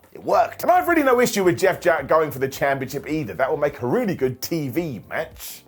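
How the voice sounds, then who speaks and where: A man's voice: fairly high pitch, huge pitch swings, a little fast, hardly any pauses, husky. A man recapping a wrestling show in a comedic, jokey way, often putting on silly voices for the wrestlers and laughing between lines.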